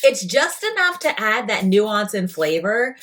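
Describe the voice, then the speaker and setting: A woman's voice: medium pitch, big pitch swings, a little slow, fairly bright tone. Woman, chatty and filler-heavy, home kitchen, casual cooking vlog. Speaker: food vlogger.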